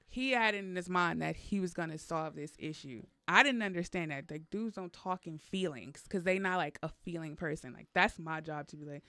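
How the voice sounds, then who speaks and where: A woman's voice: lowish voice, lively intonation, fairly quick, bright, forceful tone, dry recording, clean studio sound. A woman co-hosting a podcast, talking candidly and animatedly, laughing often as she makes her point. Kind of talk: casual chat.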